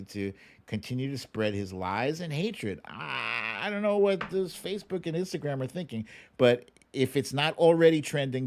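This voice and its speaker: A man hosts a live stream, chatting casually as he reads out viewer comments and answers each one. His pitch moves a lot, and he fills the gaps with hums and little chuckles. His voice sits in an ordinary middle register. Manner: animated, frequent chuckles and filler hums. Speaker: livestream host.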